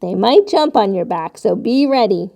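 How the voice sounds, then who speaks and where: A young woman gently guiding children through a yoga class, playful and encouraging, sometimes making animal sounds. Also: medium pitch, animated, normal speed, gravelly. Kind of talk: guided kids' yoga instruction.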